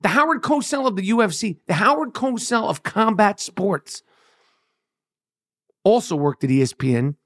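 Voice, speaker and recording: A man's voice: high-pitched, lively intonation, moderate pace, fairly bright tone. A middle-aged man, hosting a podcast alone and ranting in a profane, emphatic, repetitive way. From New York. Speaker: podcast host. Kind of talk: solo podcast rant.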